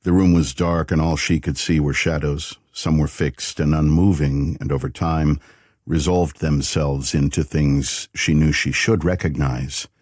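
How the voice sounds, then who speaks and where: A man reading a thriller audiobook in calm, measured narration. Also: very deep voice, no echo. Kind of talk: scripted narration.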